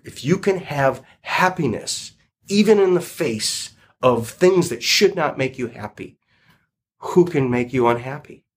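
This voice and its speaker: A man's voice: medium pitch, slightly rough. A man retelling a children's story and drawing a lesson from it, in a reflective, rambling way.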